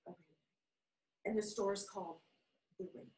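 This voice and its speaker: A woman telling a spiritual story in a casual, animated way, playing the voices of people in it. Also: fairly high pitch, quick pace, distant mic. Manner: animated, playful, acts out voices in her stories. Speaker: guest storyteller. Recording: echoey room, voice a bit off-mic.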